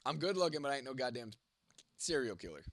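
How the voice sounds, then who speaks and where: Young man, congested, hoarse, cursing, bright voice, dry close sound. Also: mid-range voice, big pitch swings, fast, no echo. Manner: profane, blunt, joking with viewers. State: congested, voice going, coughing. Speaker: livestream host reading chat. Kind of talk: casual livestream chat.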